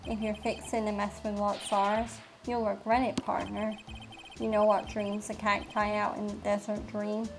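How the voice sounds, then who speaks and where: A woman voicing a swaggering male cowboy detective in a put-on country accent, with a slow folksy drawl. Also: medium pitch, flat delivery, vocal fry, background noise, close to an everyday voice. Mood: menacing. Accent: put-on American country.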